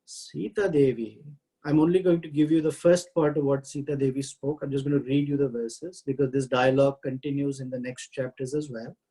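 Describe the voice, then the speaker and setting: A man teaching a scripture class, reciting Sanskrit verses and translating them with many halting pauses. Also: medium pitch, fairly even intonation, mellow, low-quality recording. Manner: halting, frequent "uh" pauses while explaining.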